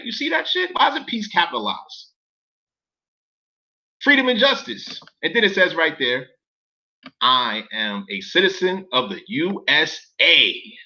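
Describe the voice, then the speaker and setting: Read it like a man going through documents for his viewers, bright and edgy. Stop often to question them in disbelief, swear casually, and let the recording sound muffled and lo-fi. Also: on the high side. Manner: incredulous, profane, keeps asking viewers questions. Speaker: commentator reading documents to viewers. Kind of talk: casual commentary reading documents aloud.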